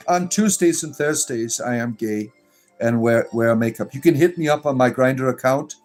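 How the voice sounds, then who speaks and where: A man's voice: mid-range voice, normal speed, a little mellow. A man with a mid-range voice hosts a livestream, reading chat comments aloud and answering them. He sounds exasperated and sarcastic, and his talk is full of ums and uhs. Faint music plays behind him. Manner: exasperated, sarcastic, with many fillers. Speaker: pagan clergy livestream host.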